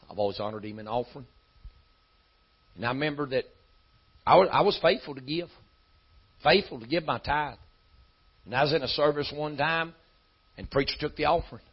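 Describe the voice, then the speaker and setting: A man preaching a sermon in a folksy style that climbs into shouting. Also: mid-range voice, breathy edge, muffled recording.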